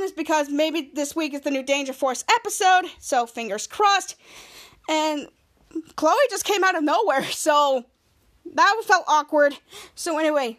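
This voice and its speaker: High-voiced, chatty podcast host woman. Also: fairly bright tone. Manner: chatty, rambling, with frequent restarts; gushing sign-offs to listeners. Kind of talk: casual TV episode recap.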